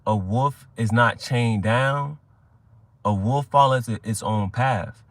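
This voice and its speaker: A man's voice: medium pitch, takes it slowly, no room sound. A young adult man hosting a tarot reading chat, talking in a rambling, profane way and telling stories with quoted voices. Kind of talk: casual livestream chat.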